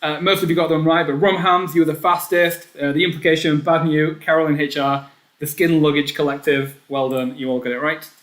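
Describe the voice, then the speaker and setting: Chatty quiz host, echoey room. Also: male voice, a little high, flat delivery, fairly bright tone. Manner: chatty, repeats each question and its options slowly. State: keeps clearing his throat. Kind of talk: live online quiz hosting.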